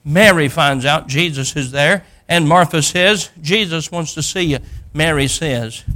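An older man preaching a sermon, telling a Bible story in a folksy way and acting out the characters, rising to loud peaks. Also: a little high, normal speed.

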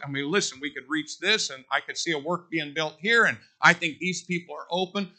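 A male pastor preaching a sermon in a folksy style that builds to loud, emphatic peaks. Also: fairly high pitch, brisk, hardly any pauses.

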